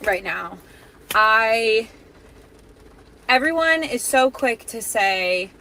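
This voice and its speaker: A woman's voice: fairly high pitch, animated, very slow, pauses often, bright, forceful tone, low-quality recording. A woman venting in a selfie video, exasperated and repeating herself for emphasis.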